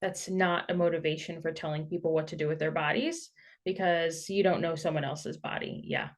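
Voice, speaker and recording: A woman's voice: low voice, fairly quick. A woman hosting a casual interview podcast over a video call, supportive and agreeing with her guest. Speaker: podcast host.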